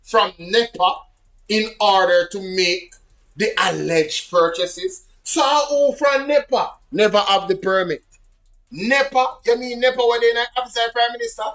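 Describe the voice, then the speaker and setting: A Jamaican man with a high-pitched voice reads an official report aloud for his audience. He keeps stopping to exclaim and comment in Patois, animated and indignant. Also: a little slow, rough recording. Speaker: political commentary host.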